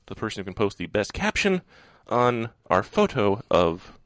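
A man's voice: lowish voice, very animated, normal speed, fairly bright tone, dry recording. A man hosting a talk radio show, reading giveaway promos in an upbeat way.

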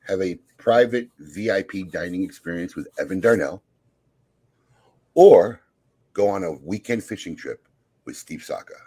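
Husky, lively male podcast host. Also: low-pitched. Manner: animated, teasing, quick asides. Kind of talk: casual group chat.

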